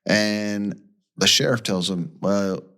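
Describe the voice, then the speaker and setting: A man's voice: lowish voice, steady tone, takes it slowly, fairly bright tone, clean tone. A man co-hosting a podcast, telling a story in a casual, rambling way and acting out the people he quotes. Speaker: podcast co-host.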